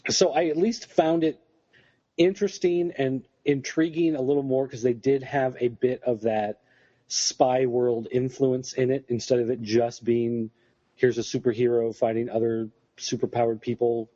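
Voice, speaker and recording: A man's voice: medium pitch, mellow, no echo, muffled recording. A man co-hosting a podcast, chatting casually and rambling through comic reviews with plenty of fillers. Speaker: podcast co-host.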